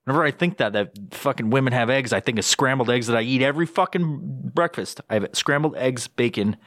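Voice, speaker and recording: A man's voice: mid-range voice, fairly quick, a bit bright, no room sound, studio quality. A man hosting his own podcast, rambling through sponsor plugs in a crude, swear-heavy casual monologue. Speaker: podcast host.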